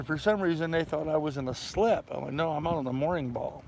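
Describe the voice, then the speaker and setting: Folksy older male vlogger, fairly high voice, rambling chat on a boat, faint noise behind. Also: fast talker, vocal fry, few pauses, darkish tone, low-quality recording. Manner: rambling, folksy, greets chat viewers by name. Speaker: channel host. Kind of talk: casual livestream chat. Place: aboard a sailboat on a mooring.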